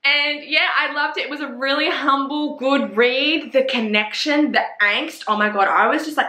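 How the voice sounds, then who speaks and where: A young woman with a bright Australian accent chats about books in a loose, profane, gossipy way. Her voice sits a little high and rings in a roomy space. She throws herself into acting out her own reactions. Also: normal speed, few pauses. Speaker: book reviewer. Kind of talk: casual book chat to camera.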